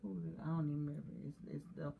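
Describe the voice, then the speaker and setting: A woman with a slightly low voice co-hosts a relaxed chat. She speaks candidly and confessionally, and laughter keeps breaking through her talk. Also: very fast, creaky, narrow, tinny audio. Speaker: co-host. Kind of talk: casual chat.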